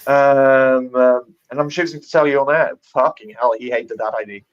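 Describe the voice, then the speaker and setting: A man's voice: mid-range voice, steady tone, moderate pace, dry recording. Rambling, swearing man on a dull, dry mic. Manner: rambling, heavy swearing, many fillers. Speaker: podcast host. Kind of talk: casual livestream chat.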